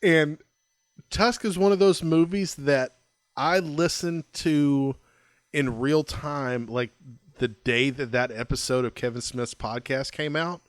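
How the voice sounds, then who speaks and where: A man's voice: a little high, slow, no echo. Easygoing, laughing man podcast co-host. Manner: easygoing, laughs often, rambling. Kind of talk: casual review chat.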